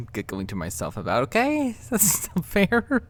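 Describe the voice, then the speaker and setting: Sarcastic reaction commentator, lively pitch. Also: a little slow. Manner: sarcastic and teasing, addressing viewers.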